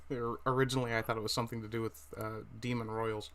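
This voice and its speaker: A man's voice: medium pitch, little pitch movement, fast talker, fairly bright tone. A middle-aged man from Newfoundland with a Newfoundland accent, hosting a casual livestream, rambling and correcting himself as he browses and talks to viewers. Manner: rambling, self-correcting, chatty asides while browsing. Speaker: livestream host.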